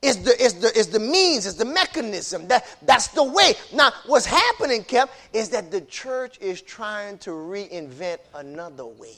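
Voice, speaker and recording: Preacher man, high bright voice, fired up and repeating himself. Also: sing-song, measured pace, hardly any pauses. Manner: emphatic, repetitive, builds to shouting. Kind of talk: preaching-style casual talk.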